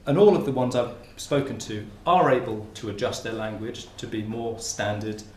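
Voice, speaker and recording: In a lowish voice and at a moderate pace, a man from Hertfordshire gives an informal conference talk, often starting sentences over and using plenty of fillers. He is a university researcher. Recorded in a lecture room, the audio is roomy with a little hiss or hum.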